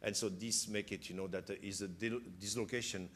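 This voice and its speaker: A man's voice: on the low side, steady tone, a little fast, a bit bright. An older man from France with a French accent, a chef explaining things in an interview, often adding "you know". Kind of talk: interview conversation.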